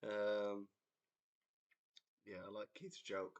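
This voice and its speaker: A man's voice: fairly low pitch, steady tone, slow pace, long pauses. A young English man from a band, chatting casually on a livestream, telling a rambling story with frequent laughter and reading out viewer comments. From England. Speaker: band member hosting a livestream chat. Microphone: computer mic on a livestream.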